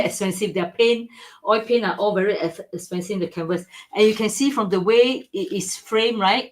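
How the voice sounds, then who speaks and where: Enthusiastic woman selling antiques on a live stream. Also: medium pitch. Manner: enthusiastic, repeats "okay?" and "right?", non-native grammar. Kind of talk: live-stream sales chat.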